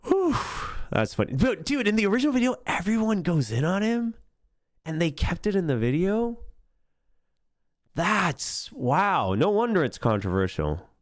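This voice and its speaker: A man's voice: sits high, very animated, normal speed, dry recording, clean studio sound. A male esports caster reacting casually on a live stream, laughing often and talking animatedly.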